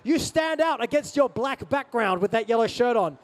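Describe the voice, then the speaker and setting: A man's voice: very high-pitched, expressive, normal speed. A man answering fan questions on a convention stage, playful and teasing, slipping in Japanese phrases. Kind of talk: lively stage Q&A banter.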